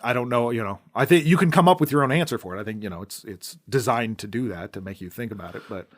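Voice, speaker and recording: A man's voice: mid-range voice, quick pace. Rambling male podcast co-host. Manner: rambling, trails off into quiet asides. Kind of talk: casual film discussion.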